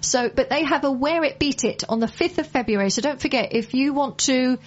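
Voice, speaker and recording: A woman's voice: high voice, brisk. A woman from the UK hosting a casual radio show, chatting and reminding listeners about charity events. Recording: muffled lo-fi broadcast audio.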